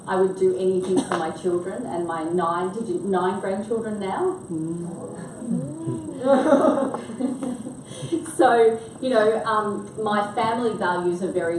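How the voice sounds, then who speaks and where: A woman's voice: medium pitch, expressive, slow pace, long pauses, darkish tone, distant mic. An older woman runs a workshop and keeps asking her group questions. She talks in an engaging, interactive way. She is recorded from across an echoey room with a faint hum behind her. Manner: engaging, quizzes the audience. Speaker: workshop trainer.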